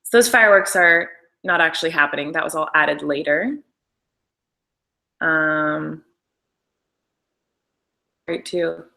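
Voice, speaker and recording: A woman's voice: sits low, slow, vocal fry, pauses often, bright, forceful tone, low-quality recording. A young woman chatting casually on a live stream, gushing over behind-the-scenes stories with apologetic asides. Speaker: show creator and host.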